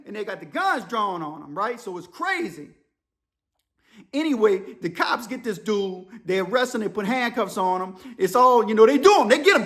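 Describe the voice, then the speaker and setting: Man, high voice, casual storyteller, animated delivery. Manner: animated, quick shifts between narration and voices. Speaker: storyteller host.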